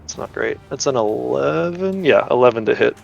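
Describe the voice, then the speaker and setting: A man's voice: medium pitch, expressive, moderate pace, gravelly, lo-fi sound, faint music behind. A man playing a tabletop role-playing game, narrating his character's actions in a rambling way, with many restarts and laughs. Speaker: player.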